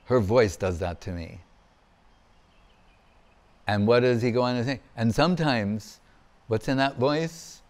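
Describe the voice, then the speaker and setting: A man giving a devotional lecture as a monk, telling scripture stories in an animated way and acting out the quotes. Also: mid-range voice, unhurried, long pauses. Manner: animated storyteller, acts out quotes with laughter. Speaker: monk giving a spiritual discourse.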